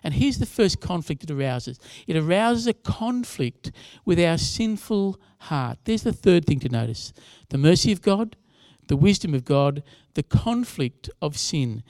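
A man's voice: on the high side, very animated, a little slow, few pauses, darkish tone, no room sound. A younger man preaching a sermon in a conversational way, with asides to the congregation. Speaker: pastor.

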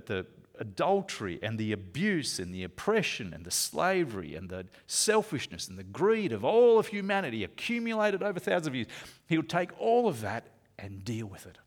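An animated male preacher whose pitch leaps and falls as he teaches. He drives points home loudly, then slows to soft, near-whispered asides. His delivery has the steady rhythm of a sermon. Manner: animated, rises loud for emphasis, slows to hushed asides.

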